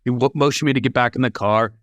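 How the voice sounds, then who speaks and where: Guy telling a story on a podcast, lively, acts out the voices, mid pitch, dry close mic. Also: fast, no echo. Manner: animated storyteller who acts out dialogue. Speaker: podcast guest, auctioneer. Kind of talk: personal storytelling in an interview.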